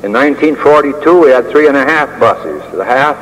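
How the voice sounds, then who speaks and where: An older man giving a prepared speech as a school administrator, measured and dryly humorous, pausing often with uh. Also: medium pitch, animated, fairly bright tone. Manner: measured, with dry humor and frequent uh pauses. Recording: long hall reverb with faint hiss.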